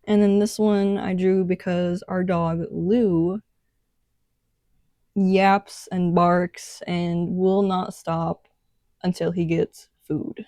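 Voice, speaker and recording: Slow and unhurried, a young woman narrates a casual tour of her sketchbook as an artist vlogger, rambling and relaxed with frequent "um"s and "like"s. Her voice is fairly low, warm and mellow, and the sound is close and dry with no room echo.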